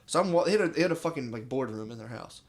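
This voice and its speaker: A young man co-hosts a comedy podcast in casual chat, rambling through swear-filled stories and saying "dude" constantly. His medium-pitched voice is gravelly, animated, and rapid-fire.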